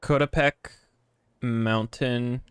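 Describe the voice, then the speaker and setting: A man streams a video game, giving casual, rambling commentary in a medium-pitched, steady voice that is slow, clear and resonant, with no room sound. He swears freely and stumbles over difficult names.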